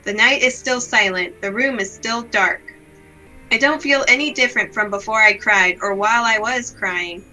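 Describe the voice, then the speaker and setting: A woman reading aloud the lines of a gloomy, self-blaming young woman from a visual novel, in a slow, subdued, melancholy way. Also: a little high, sharp tone, faint music behind, rough recording.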